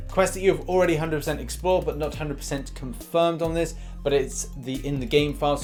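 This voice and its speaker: Chatty man hosting game news. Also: on the high side. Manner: chatty, rambling with restarts. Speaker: mobile game news host. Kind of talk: casual news commentary.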